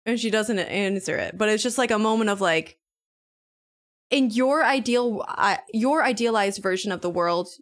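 A woman's voice: mid-range voice, moderate pace. Wry young woman recapping plot. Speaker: podcast co-host. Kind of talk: casual chat.

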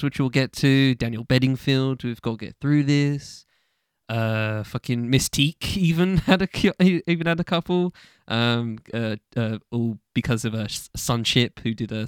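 A man's voice: mid-range voice, clear, resonant tone, no room sound, clean studio sound. A young man from the UK hosting a casual solo podcast, rambling loosely with lots of ums and casual swearing. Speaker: podcast host.

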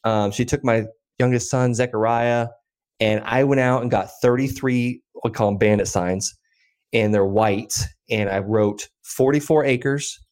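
A man in his thirties, a podcast guest, telling a story in a casual, animated way with many fillers. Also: medium pitch, a little slow. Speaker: podcast guest, land investor.

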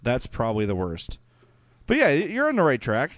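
A man's voice: mid-range voice, huge pitch swings, normal speed, fairly bright tone, no echo. A man with a Chicago accent co-hosting a podcast, chatting casually and reading listener emails with frequent fillers and restarts. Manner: conversational, many fillers and restarts. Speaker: podcast co-host.

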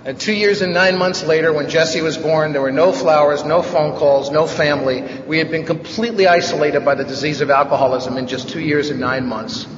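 Man from the Bronx, fairly high voice, wry joking storyteller at a recovery meeting, caught from afar in a big echoing hall on a dull recording. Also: fairly even intonation, fairly quick, hardly any pauses, noisy background. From the Bronx, New York. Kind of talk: personal recovery talk, humorous storytelling. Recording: echoey hall, distant mic, dull sound.

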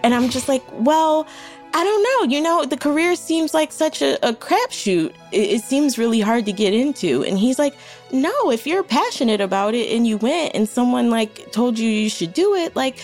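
A woman's voice: expressive, moderate pace, darkish tone, soft background music. A young woman telling a story with great energy, acting out the people in it and laughing as she goes. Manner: acts out quotes with big pitch swings and laughter. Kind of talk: animated storytelling.

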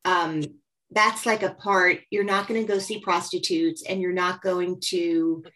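A woman's voice: on the low side, fairly even intonation, measured pace, a bit bright, rough recording. Woman podcast host, talkative and rambling, conversational interviewer. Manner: chatty, rambling questions. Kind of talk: casual interview chat.

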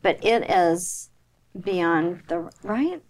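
A woman from Oklahoma co-hosting a casual chat, animated and opinionated, with quick restarts. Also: fairly low pitch. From Oklahoma City, USA. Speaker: podcast co-host.

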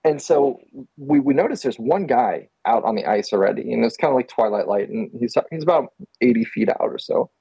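A man from Texas shares an adventure as a podcast guest, chatty and animated, with lots of fillers. His voice is husky and warm. The sound is dry and close. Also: medium pitch, fairly quick, no echo, poor audio. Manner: animated, laughing, many fillers. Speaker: guest photographer. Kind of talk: casual storytelling.

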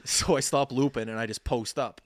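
A man in his thirties, a podcast co-host, tells a long story in casual conversation, animatedly acting out each side of the dialogue he quotes. His voice sits in the mid range and moves at a moderate pace, with slight background noise.

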